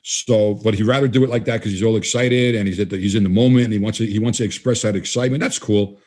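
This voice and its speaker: A man's voice: fairly low pitch, fairly even intonation, quick pace, darkish tone. An older man, a guest trainer, talking casually in an interview and acting out the dialogue he quotes in his stories. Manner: conversational, acts out quoted dialogue.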